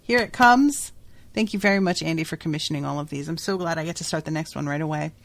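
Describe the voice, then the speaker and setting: A woman's voice: low voice, fast talker. A young woman hosting a podcast, recapping a book in a chatty way and swearing freely. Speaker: podcast host.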